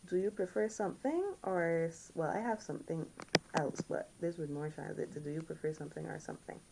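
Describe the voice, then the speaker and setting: A woman from the Caribbean teaching a recorded French lesson, repeating each word slowly and now and then correcting herself. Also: low-pitched, fairly even intonation, creaky, noisy background. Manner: slow, repeats each word several times.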